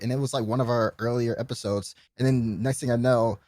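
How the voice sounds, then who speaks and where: A man's voice: mid-range voice, brisk, dry recording. A young man, a guest on a podcast, telling stories in casual chat and quoting other people as he goes. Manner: storytelling, animated, fond of quoting others.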